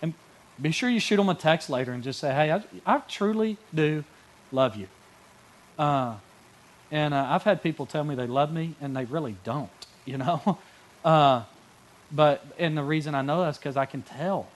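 A man, a youth pastor giving a conversational teaching talk to small group leaders, animated and folksy, blunt and confrontational, with frequent restarts. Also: a little high, moderate pace.

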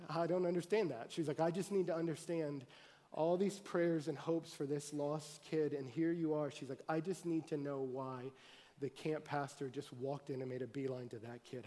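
A man preaching with a fairly high voice, jumping from loud, excited bursts to hushed, earnest asides. His words ring out in a large hall with a long, lingering reverb. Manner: animated, swings from loud excited bursts to quiet earnest talk. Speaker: pastor. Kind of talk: sermon with storytelling.

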